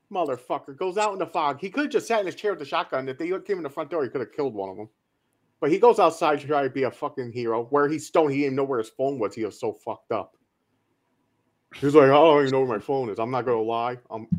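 A man's voice: fairly high pitch, fast talker. A man co-hosting a casual movie podcast, retelling horror scenes with heavy swearing and acted-out quotes. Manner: profane, animated retelling of scenes. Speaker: podcast co-host. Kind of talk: casual movie review chat.

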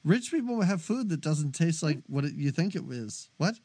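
A man's voice: fairly high pitch, moderate pace, breathy edge. A man co-hosting a movie podcast, chatting casually and joking with frequent laughs. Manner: animated, jokey, laughs often. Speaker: podcast co-host.

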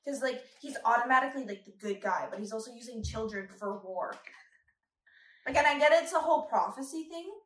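A woman hosting a casual chat, talking in an animated way with lots of fillers. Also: fairly high pitch. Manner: animated, many "like" fillers, quick laughs. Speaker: podcast host. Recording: echoey room, voice a bit far from the mic.

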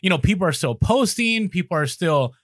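A man co-hosting a podcast, talking casually in an animated, slangy way with many fillers. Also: sits high, a little fast, no room sound, studio quality. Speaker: podcast co-host.

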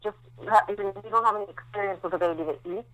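Woman, 30s, podcast co-host, new mom; bright, chatty, candid, lots of fillers; dry close sound. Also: medium pitch, a little fast, no room sound, low-quality recording. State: recovering after recent childbirth. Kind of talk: casual chat.

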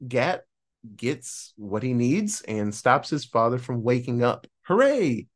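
In a slow, medium-pitched voice, a male podcast host walks through the plot of a horror film in a relaxed way, bringing it to life by acting out what the characters say.

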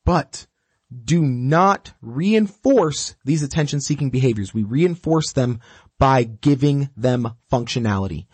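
A man's voice: mid-range voice, a little slow, breathy edge, dry recording. A man teaching dog training, coaching step by step in a direct, repetitive way and acting out what the dog thinks. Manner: animated, acts out the dog's thoughts. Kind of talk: instructional talk.

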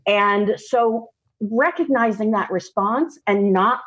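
A woman, a podcast guest telling a personal story candidly, laughing often and slowing down for emphasis. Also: mid-range voice, a bit bright, husky, muffled recording.

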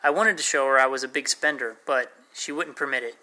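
A man's voice: medium pitch, a little fast, bright, forceful tone, rough recording. A man narrating a first-person memoir in a plain, wry storytelling manner.

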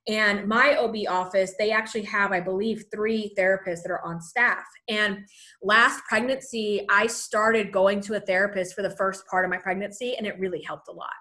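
A pregnant woman in her thirties shares pregnancy advice with her viewers in a casual talk to camera, chatty and encouraging, often saying "you know" and sounding a little out of breath. Her mid-range voice is bright and forceful, with fairly even intonation at a moderate pace.

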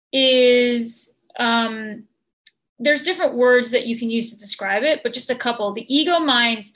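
A woman coach answering an interview question in a gentle, measured, earnest way, with many ums. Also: a little high.

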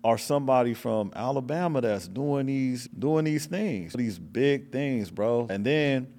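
A man's voice: mid-range voice, unhurried, slight background noise. A man interviewing a guest in casual chat, telling stories animatedly and acting out what people said. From American South. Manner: animated storytelling, acts out quotes in a lively voice.

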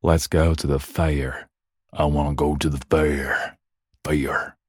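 A man voicing a fairgoer in a put-on Southern US accent, with a drawn-out, playful drawl. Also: very deep voice, little pitch movement, breathy edge, dry recording, studio quality, exaggerated voice.

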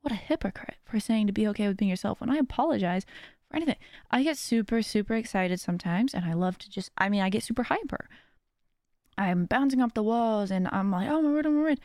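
A woman's voice: medium pitch, brisk, darkish tone, dry recording, studio quality. A woman hosting a podcast, talking earnestly in a casual, rambling monologue with many restarts. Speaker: podcast host.

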